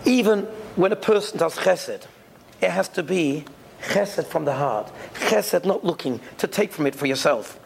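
High, gravelly man telling a sermon. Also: expressive, a little slow, a little hiss or hum. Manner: tells stories, acts out the characters' voices, uses Yiddish and Hebrew terms. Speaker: speaker giving a Torah talk. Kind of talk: storytelling sermon.

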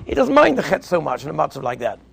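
High, gravelly-voiced man telling a parable. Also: huge pitch swings, quick pace. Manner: storytelling, mixing in Hebrew and Yiddish terms. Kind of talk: Torah talk with a parable.

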